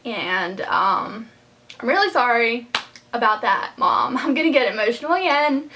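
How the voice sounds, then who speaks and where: A woman's voice: on the high side, expressive, moderate pace, bright, forceful tone. A young woman vlogging about her personal life, heartfelt and rambling, close to tears. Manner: heartfelt, rambling, many fillers and restarts. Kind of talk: personal storytime vlog.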